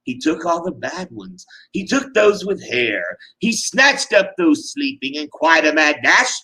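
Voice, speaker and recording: A man's voice: fairly high pitch, very animated, unhurried, bright, forceful tone, rough recording. A man giving a dramatic reading of a rhyming tale with a theatrical, sing-song delivery. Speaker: reader.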